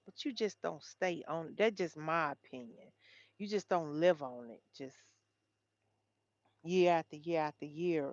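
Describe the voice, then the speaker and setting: A woman's voice: deep voice, darkish tone, no echo, dull audio. A woman hosting a casual livestream, chatting with viewers and reading headlines aloud. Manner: chatty, talks straight to viewers. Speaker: livestream host.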